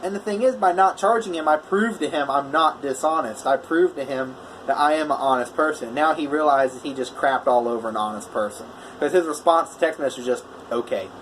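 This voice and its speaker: A man's voice: a little high, fairly quick, few pauses, slight background noise, rough recording. Welder man retelling a customer quarrel. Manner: animated retelling, quoting both sides of a phone argument. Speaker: welder telling a customer story. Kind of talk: casual vlog storytelling.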